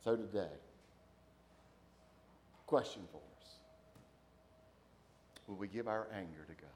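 A man preaching a sermon to his congregation, then leading a quiet prayer. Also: deep voice, slow, a little hiss or hum. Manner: swings from loud emphatic preaching to soft hushed prayer. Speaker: pastor. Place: church sanctuary.

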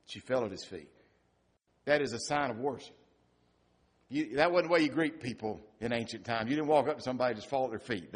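A middle-aged male pastor with a medium-pitched voice preaches a sermon, climbing to loud, emphatic peaks and then dropping into quiet, hushed lines.

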